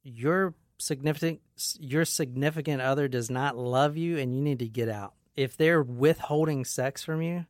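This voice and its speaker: A woman's voice: a bass voice, normal speed, few pauses, darkish tone, dry recording, clean studio sound. A woman hosting a casual true crime podcast, blunt and jokey, often laughing as she walks through the case.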